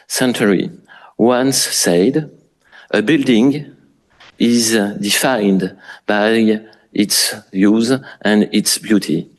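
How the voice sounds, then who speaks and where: A man with a French accent, a native French speaker, giving an architecture lecture in English with frequent pauses and restarts. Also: on the low side. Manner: halting, many fillers and restarts. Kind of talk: public lecture.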